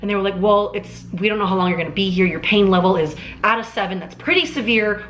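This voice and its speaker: A woman's voice: mid-range voice, fairly bright tone. A young woman in her twenties recounting a personal ordeal straight to camera. She rambles in a casual, filler-heavy way, doubling back and restarting her sentences as she goes. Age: 20s. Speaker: vlogger. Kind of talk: emotional storytelling to camera. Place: Los Angeles.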